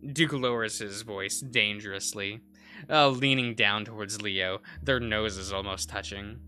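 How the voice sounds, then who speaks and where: A man's voice: lowish voice, measured pace, sharp tone, faint music behind. A young man streaming, reading a visual novel aloud with many uhs and restarts.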